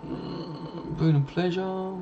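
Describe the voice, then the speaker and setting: Late at night, a young man streams live from home, swearing freely as he casually reads out viewer comments and responds to them. His voice is high and dark-toned, delivered slowly with a steady tone. Faint noise runs through the dull, lo-fi stream audio.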